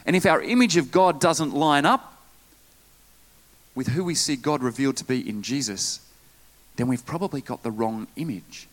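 Male pastor, animated Sunday sermon, jokey asides. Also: medium pitch, moderate pace. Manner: lively preaching with asides and jokes.

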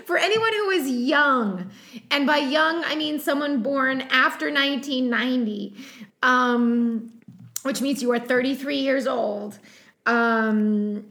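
A woman's voice: high-pitched, slow pace, a bit bright. A woman in her thirties co-hosting a podcast, chatting casually and rambling with lots of likes and ums. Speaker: podcast co-host. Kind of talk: casual chat about a TV episode.

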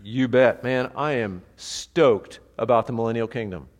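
A pastor teaching a sermon in a conversational, animated way, asking the congregation rhetorical questions. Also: male voice, medium pitch, measured pace, in a large hall.

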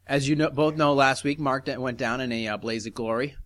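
A man's voice: medium pitch, steady tone, fairly quick, fairly bright tone, no room sound. Brash male podcast host, dry sound. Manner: brash, swears, talks while chewing. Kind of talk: casual podcast banter and read ad.

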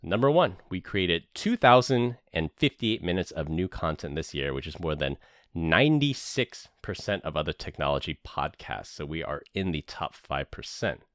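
A man's voice: deep voice, very animated, normal speed, fairly bright tone, no room sound, studio quality. A man hosting a podcast, narrating a prepared year-end recap in an earnest, scripted way. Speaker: podcast host. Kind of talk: scripted narration and casual chat.

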